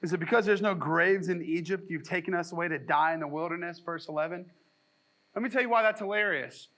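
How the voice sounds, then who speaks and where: A man's voice: high voice, bright, forceful tone, rough recording. A man preaching a sermon at a church as pastor, conversational and joking, acting out quotes in mock voices.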